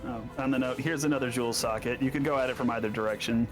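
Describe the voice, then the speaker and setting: A man's voice: medium pitch, fairly even intonation, very fast, music in the background. A man patiently explaining a game on a stream, stumbling over hard names with a laugh. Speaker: game coach.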